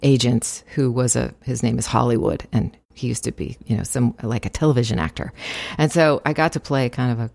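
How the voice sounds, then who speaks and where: A woman's voice: a bass voice, brisk, vocal fry, a little mellow, no echo. A woman voice actress chatting in an interview, talkative and laughing often, with many fillers. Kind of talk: casual interview chat.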